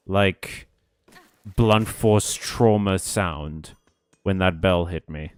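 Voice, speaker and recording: A man streaming a video game, chatting casually and reading out chat, with sarcastic asides and plenty of swearing. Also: sits low. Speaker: gaming streamer. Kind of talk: casual let's-play commentary reading chat.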